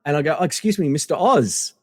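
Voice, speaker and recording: Rambling man telling stories, slightly high voice. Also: expressive, fast, darkish tone, no echo, clean studio sound, big-room sound. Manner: rambling, many fillers and restarts. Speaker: podcast guest. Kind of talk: casual anecdotal storytelling.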